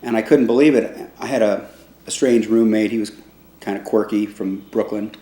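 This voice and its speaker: A man in his sixties, a trombone player, recalling his past in a relaxed, rambling way with restarts, acting out other people's voices when he quotes them. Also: lowish voice, moderate pace. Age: 60s. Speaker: trombone player recounting his band's start. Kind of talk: casual spoken storytelling. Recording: echoey room.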